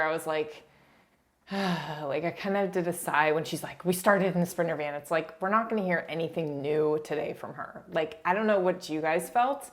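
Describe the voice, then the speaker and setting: A woman giving casual, chatty commentary on a reality TV show, often laughing as she talks. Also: sits low. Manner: chatty, frequent "like", laughs while talking. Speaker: reality TV recap YouTuber.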